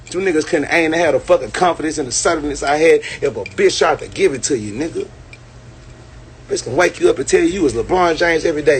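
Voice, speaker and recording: A man's voice: on the high side, slight background noise. A man ranting and boasting in a brash, profane way on a phone livestream. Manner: brash, swaggering, preachy.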